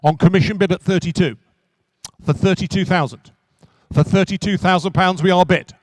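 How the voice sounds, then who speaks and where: A man working as an auctioneer at a live car auction, calling bids in quick repetitive runs. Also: high voice, fairly even intonation, no room sound. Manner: rapid repetitive bid calling.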